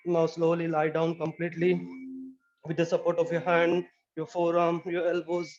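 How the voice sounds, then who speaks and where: Monotone man guiding yoga relaxation. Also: a little high. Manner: slow, calm step-by-step cues with frequent "you know". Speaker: yoga instructor. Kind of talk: guided relaxation instruction. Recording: dull lo-fi recording with faint music.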